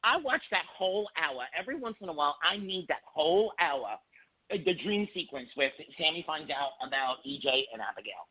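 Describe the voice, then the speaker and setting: Guy cohosting a soap talk show, super lively and emphatic, playful, tinny phone line, dry sound. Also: a little high, a little fast, slightly rough, no echo. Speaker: podcast co-host. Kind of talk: casual chat.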